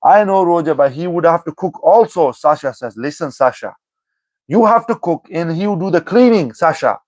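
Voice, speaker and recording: Guy on a live stream answering chat, slightly high voice, teasing, says people's names over and over, dry close sound. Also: expressive, moderate pace, a little mellow, no room sound. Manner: teasing, repeats commenters' names, keeps saying "you know what I mean". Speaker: livestreamer replying to chat.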